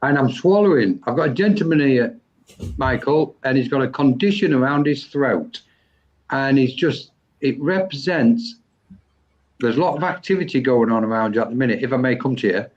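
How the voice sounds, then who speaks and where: A man hosting a live online session and giving a psychic mediumship reading, pausing often and restarting as he searches for words. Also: mid-range voice, expressive. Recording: dull lo-fi online stream.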